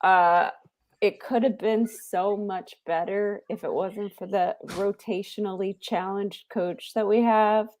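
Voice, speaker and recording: A woman's voice: medium pitch, steady tone, slow pace, darkish tone. A woman co-hosting a casual sports podcast, exasperated and emphatic, repeating her points. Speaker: podcast co-host.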